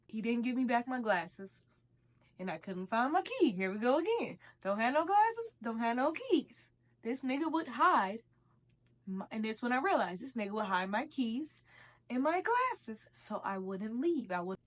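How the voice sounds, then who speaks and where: Young woman vlogger, casual profane storyteller, somewhat high voice. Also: expressive, normal speed. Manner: slangy, profane, conversational storytelling. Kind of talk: casual storytime while eating.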